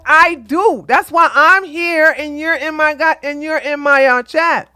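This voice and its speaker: Brash, bright-voiced stream host scolding chat. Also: high voice, measured pace, few pauses, dry recording, studio quality. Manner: brash, scolding, trash-talking with bursts of laughter; repeats phrases for emphasis. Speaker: live-stream dating advice host. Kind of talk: live-stream chat, reading and answering chat.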